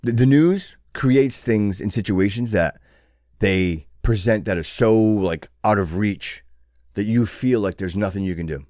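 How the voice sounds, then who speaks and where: A man's voice: on the low side, unhurried, dark tone, no echo, studio quality. A man hosting his own show, delivering an impassioned motivational monologue with a preachy tone and frequent restarts. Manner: preachy, builds to fervent exhortation with many restarts. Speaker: show host.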